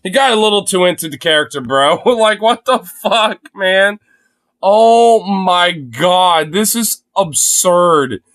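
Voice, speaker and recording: A man's voice: sits high, lively intonation, takes it slowly, fairly bright tone. A young man live-streaming his reaction to a video, talking casually with incredulous exclamations and lots of swearing.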